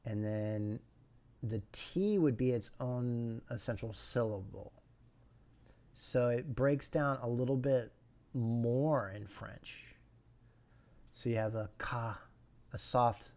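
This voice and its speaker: A man streaming a language study session, thinking aloud and slowly repeating syllables to practice pronunciation, sometimes dropping to a whisper. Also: medium pitch, darkish tone. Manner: slow, repeats sounds and syllables, drops to a whisper at times.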